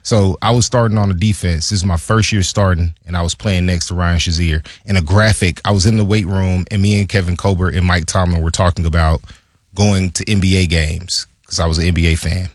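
A man's voice: low-pitched, fairly quick, husky, no echo, clean studio sound. A man who played pro football, co-hosting a casual sports talk and telling stories about his playing days in a laid-back way. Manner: storytelling, laid-back, animated retelling.

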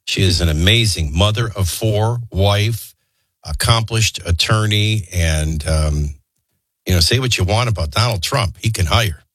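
Bright-voiced man hosting morning radio. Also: fairly low pitch, no echo. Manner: quick, conversational, wry asides. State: has the hiccups. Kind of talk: talk radio banter and news reading.

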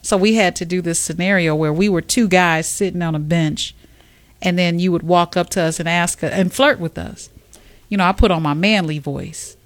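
Woman co-host, chatty storyteller, low voice, dry close sound. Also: normal speed, no echo. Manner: animated storyteller, acts out quotes. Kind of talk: casual chat.

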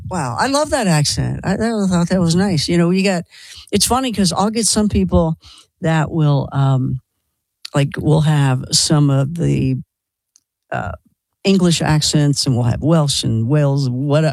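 A man's voice: a little high, vocal fry, a little mellow, no room sound, low-quality recording. A male radio call-in host with a slight Kentucky accent, chatting with callers in an enthusiastic, talkative way. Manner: chatty, enthusiastic, quick asides. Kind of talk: casual call-in radio chat.

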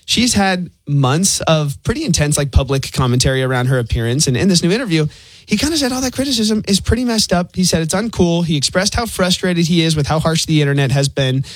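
A man reading entertainment headlines on morning radio and bantering with the host in a studio, quick and upbeat, laughing easily. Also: fairly high pitch, animated, no room sound. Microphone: studio microphone.

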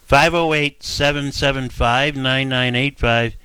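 A man hosting a call-in radio show, brisk and jokey as he chats with callers. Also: medium pitch, steady tone, bright, forceful tone, clear, resonant tone, dry recording. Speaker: radio talk show host.

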